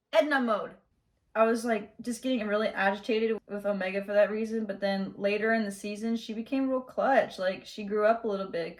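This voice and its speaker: A young woman chatting casually in her bedroom while she does her makeup, high-energy and slangy. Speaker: beauty vlogger. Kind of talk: casual get-ready-with-me chat.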